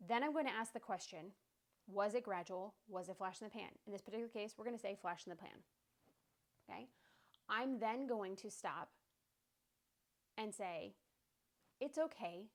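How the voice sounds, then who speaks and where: A woman in her thirties hosting a podcast on emotional healing, talking in a casual, reassuring way and checking in with "okay?" and "right?". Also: medium pitch. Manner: conversational, reassuring, many "okay?" and "right?" asides. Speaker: podcast host. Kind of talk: casual self-help talk.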